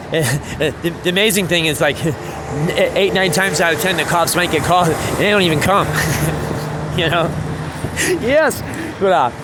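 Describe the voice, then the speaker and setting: A man's voice: a little high, expressive, slow pace, long pauses, very noisy. Rambling, profane street musician man. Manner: profane, rambling, laughs often. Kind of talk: casual storytelling.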